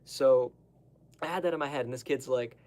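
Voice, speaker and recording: A man's voice: mid-range voice, moderate pace, a little mellow. A young man talking casually to the camera, rambling through digressions with lots of fillers and asides. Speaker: vlogger.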